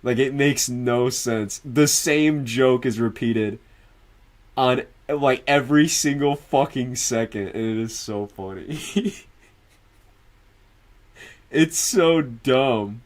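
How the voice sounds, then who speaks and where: A man's voice: medium pitch, slow. Casual, profane male livestreamer. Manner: loose, profane, laughs often; answers viewers directly. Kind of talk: casual stream chat.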